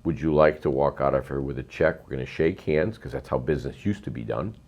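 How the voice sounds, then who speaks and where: A middle-aged real estate investor tells long, rambling stories in an interview, speaking emphatically and filling his talk with ums and uhs. His voice is very deep, creaky, and a little mellow, and he talks at a quick pace.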